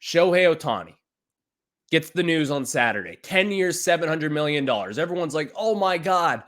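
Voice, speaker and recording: A man's voice: fairly high pitch, lively intonation, normal speed, fairly bright tone. Emphatic male sports podcast host. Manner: emphatic, ranting.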